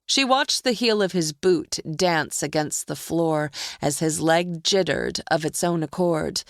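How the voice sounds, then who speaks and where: A woman narrating a psychological thriller audiobook in a measured, deliberate way. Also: low-pitched, no room sound, clean studio sound.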